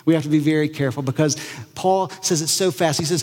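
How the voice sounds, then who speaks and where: A male pastor preaching a conversational sermon, lively and often acting out the voices he quotes. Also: a little high, fast talker, in a large hall.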